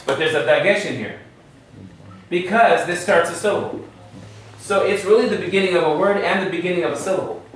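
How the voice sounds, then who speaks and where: A man's voice: sits high, fairly quick. Guy teaching a class, walks through rules and asks students questions, sounds distant, faint hiss behind. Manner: explains step by step, quizzes students. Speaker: Hebrew teacher. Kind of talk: classroom lesson. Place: class room. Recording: very echoey room, far from mic.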